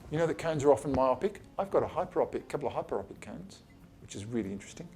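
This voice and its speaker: Blunt, chatty man with a gravelly voice. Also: mid-range voice, lively intonation, very fast, a little mellow. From Australia. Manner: blunt and chatty, swears casually, acts out patient exchanges. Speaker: eye surgeon giving a talk. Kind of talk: informal lecture to colleagues. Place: his office, talking to a small group.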